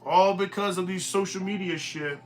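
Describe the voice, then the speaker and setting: A man's voice: high voice, steady tone, normal speed. A man hosting a live stream, ranting bluntly and profanely in a rambling, casual way.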